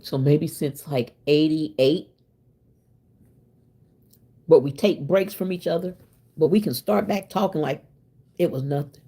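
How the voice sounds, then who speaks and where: A woman in her fifties with a husky, slightly breathy voice that sits on the low side. She chats casually with her viewers as her channel's host, addressing them directly and laughing often as she goes. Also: unhurried, long pauses, warm tone. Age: 50s. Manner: chatty, laughs often, talks straight to viewers.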